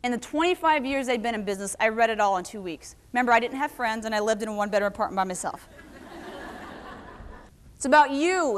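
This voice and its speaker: A woman giving a lively motivational talk to a live audience, telling stories and asking the crowd questions. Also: sits high. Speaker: keynote speaker. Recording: long hall reverb.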